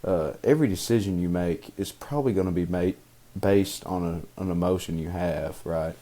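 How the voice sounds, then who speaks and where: A man's voice: sits low, normal speed, mellow. A young man co-hosting a podcast, talking casually in a rambling way with many fillers and restarts. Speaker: podcast co-host. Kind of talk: casual chat.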